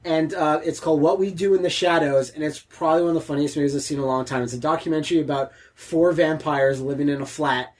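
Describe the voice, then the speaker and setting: A man co-hosting a podcast, telling a story in an animated, rambling way and slipping into put-on voices. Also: on the high side, fast, few pauses. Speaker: podcast co-host. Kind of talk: casual chat.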